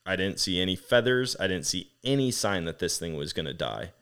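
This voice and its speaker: A man hosting a podcast, telling a hunting story in casual chat, animated and laughing as he acts out what people said. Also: sits low, a little fast, clear, resonant tone. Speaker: podcast host.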